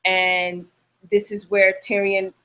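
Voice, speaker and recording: A woman's voice: medium pitch, flat delivery, takes it slowly, bright, forceful tone, low-quality recording. Chatty young woman recapping a show. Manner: chatty, laughs often, acts out lines from the show. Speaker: podcast host. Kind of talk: casual TV recap chat.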